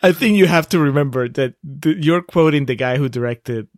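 A man's voice: on the high side, a little fast, a little mellow, no room sound. A man co-hosting a casual podcast who makes dry, teasing remarks and laughs often. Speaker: podcast co-host.

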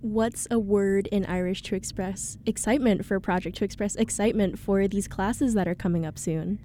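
A woman radio host interviewing a guest with polite, measured questions. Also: medium pitch, fairly even intonation, warm tone, slight background noise.

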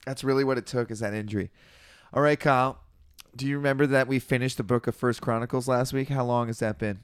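A man's voice: medium pitch, steady tone, fast talker, clean tone, no room sound, studio quality. A young man co-hosting a podcast, swearing and joking in casual chat while reading scripture aloud with wry asides. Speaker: podcast co-host.

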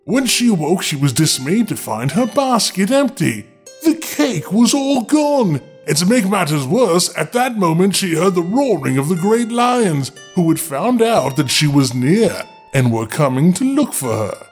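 A man's voice: high-pitched, measured pace, faint music behind. A man hosting a show, reading a fairy tale in a dramatic way and breaking off into wry, joking asides. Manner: playful, wry, expressive. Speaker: storyteller host.

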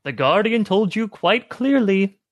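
A man reading the part of a grave old temple monk, speaking slowly and solemnly. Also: high-pitched, lively intonation, no room sound, clean studio sound. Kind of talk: reading a story aloud with friends.

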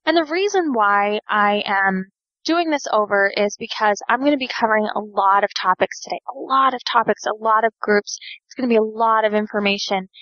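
A woman's voice: mid-range voice, fairly bright tone, no echo, lo-fi sound. A woman hosting her own podcast, talking in a candid, self-deprecating, conversational way and sounding a bit tired. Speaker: podcast host. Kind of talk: casual solo podcast monologue.

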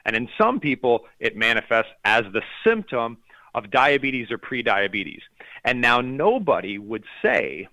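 Bright, forceful man explaining with urgency. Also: medium pitch, very animated, unhurried, no room sound, rough recording. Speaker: health expert guest. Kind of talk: explanatory interview talk.

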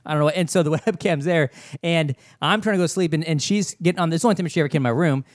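A man's voice: on the high side, very fast, dry recording, clean studio sound. A man chatting as a guest on a podcast, laughing as he rambles through a memory. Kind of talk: casual chat.

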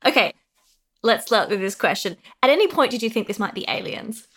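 A woman's voice: a little high, animated, brisk, fairly bright tone, slightly rough. A woman hosting an interview, asking questions with eager, responsive interest. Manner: enthusiastic, responsive listener. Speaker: podcast host.

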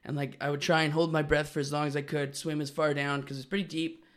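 A man's voice: a little high, level tone, fast talker, a bit bright. A man hosting a casual podcast, telling stories animatedly, acting out other people's voices and laughing often. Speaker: podcast host.

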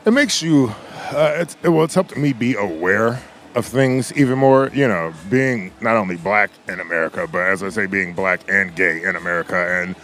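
A man being interviewed, telling stories in a lively way and acting out other people's lines. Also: normal speed. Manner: animated storyteller, acts out quotes in a higher voice. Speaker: podcast guest. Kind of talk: casual interview chat.

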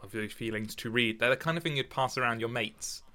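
Bright-voiced man, halting. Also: medium pitch. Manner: halting, restarts often, thinks aloud. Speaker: podcast co-host discussing poetry. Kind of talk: casual literary discussion.

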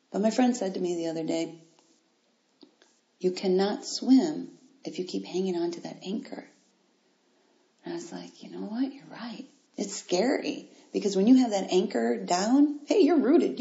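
A woman's voice: lowish voice, vocal fry, lo-fi sound. Encouraging woman podcaster, roomy sound. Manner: encouraging, animated, talks straight to listeners. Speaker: podcast host. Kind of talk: motivational podcast talk.

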